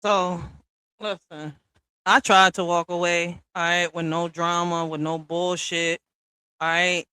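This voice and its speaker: A woman in a heated response rant, blunt and full of swearing. Her voice is bright and forceful, and she keeps tagging lines with "all right?". It is recorded close and dry, with no room sound. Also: flat delivery, takes it slowly, clear, resonant tone, no echo, low-quality recording. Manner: swings from low and quiet to loud and high. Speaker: online commentator responding to another creator.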